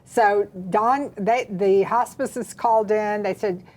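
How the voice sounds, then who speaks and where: A woman from the American South, co-hosting and telling a personal story in a lively, dramatic way. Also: mid-range voice, a little slow. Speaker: co-host. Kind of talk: casual storytelling chat.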